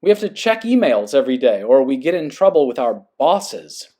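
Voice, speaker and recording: A man's voice: mid-range voice, big pitch swings, moderate pace, warm tone. A man hosting a podcast, reading a passage aloud and then musing earnestly, often checking in with the listener. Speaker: podcast host. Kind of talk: reading aloud and reflective monologue.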